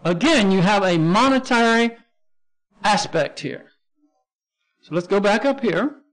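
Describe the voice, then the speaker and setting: A man's voice: high voice, lively intonation, a little slow, fairly bright tone, faint music behind. A man with a Texan accent teaching a Bible lesson as pastor, explaining Greek words step by step and spelling them out letter by letter. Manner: explains word by word, spells out Greek terms, frequent restarts.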